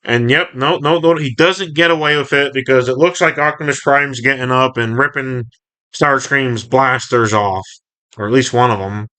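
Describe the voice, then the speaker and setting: Chatty man reviewing a comic, bright. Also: mid-range voice, normal speed. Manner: chatty, rambling, self-correcting. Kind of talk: casual comic reading and commentary.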